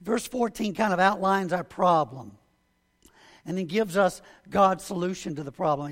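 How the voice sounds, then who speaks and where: A man preaching a sermon as a pastor, earnest and building to emphatic points. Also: sits high. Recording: long hall reverb.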